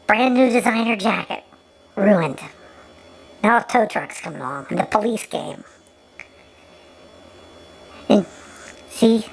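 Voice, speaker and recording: Gravelly-voiced woman mocking an old film. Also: mid-range voice, poor audio. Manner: mocking, repeats words often. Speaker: commentator. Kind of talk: sarcastic film commentary.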